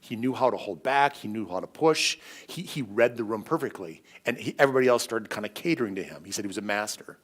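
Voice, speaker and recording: A middle-aged man giving a parish history lecture, animated, with quick asides and frequent restarts. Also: lowish voice. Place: church hall.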